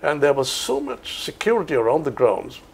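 An older man from Sri Lanka, a veteran cricket commentator reminiscing in an interview in an unhurried, anecdotal way. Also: medium pitch, lively intonation, slightly rough.

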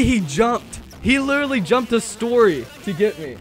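A young gaming streamer plays a horror game, giving let's-play commentary to chat with panicky yelps and frequent laughter. His voice is high, sing-song, and a bit bright at a moderate pace, with faint music behind.

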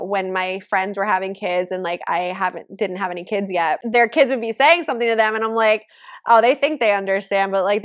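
Chatty woman podcast host, higher voice. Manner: chatty, says "like" constantly, gushing about her kids. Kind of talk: casual solo podcast chat.

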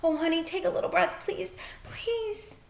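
A woman voicing a grieving young boy who pleads and shouts in rough speech, higher than her reading voice. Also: steady tone, extremely slow, reverberant, heavily acted. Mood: pleading.

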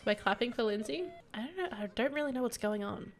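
A woman's voice: on the high side, expressive, fast. Giggly, gushing young woman gamer. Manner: gushing, giggly, easily moved. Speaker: gameplay commentator. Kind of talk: casual let's play commentary.

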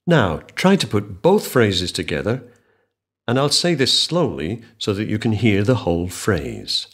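Lively low-voiced male language teacher. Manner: clear, slows right down to model phrases. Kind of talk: scripted podcast language lesson.

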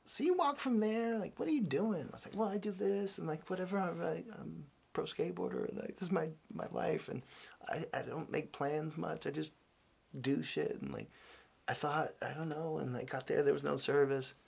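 A man telling a long, rambling personal story in a casual, animated way, with many restarts and acted-out quotes. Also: fairly high pitch, moderate pace, gravelly, husky.

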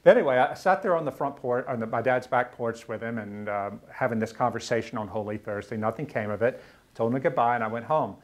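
Middle-aged man, mid-range voice; earnest lecturer who stumbles and repeats words in emotional stretches. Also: mid-range voice. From Louisiana, US South. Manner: earnest, halting, repeats words when moved. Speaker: author giving a lecture. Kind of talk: personal storytelling lecture. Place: university lecture room.

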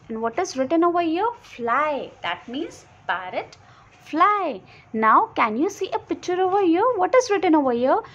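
A woman's voice: high voice, lo-fi sound. A woman primary school teacher, giving a lesson, asking questions and answering them herself. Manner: explains slowly, asks and answers own questions. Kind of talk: online class lesson.

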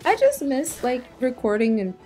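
A woman with a higher-pitched voice sounds hoarse and tired as she comments on her game. She talks to herself and exclaims at what happens on screen. Soft game music runs underneath. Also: sing-song, normal speed. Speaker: gaming YouTuber. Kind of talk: casual gameplay commentary.

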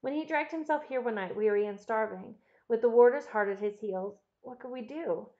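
A woman's voice: fairly high pitch, normal speed, narrow, tinny audio, close to an everyday voice. A woman voicing a distraught middle-aged housekeeper who earnestly confesses to her master, in an audiobook reading. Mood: confessing.

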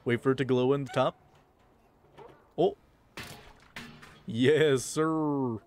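A man's voice: medium pitch, steady tone, takes it slowly, darkish tone, a little hiss or hum. Joking man narrating gameplay. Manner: playful, joking, slangy. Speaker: gameplay commentator. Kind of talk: casual gameplay commentary. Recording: game music playing behind.

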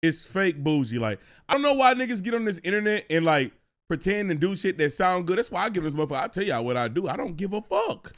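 A young man streaming live, ranting to his chat in a casual, profane, animated way. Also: sits high, quick pace.

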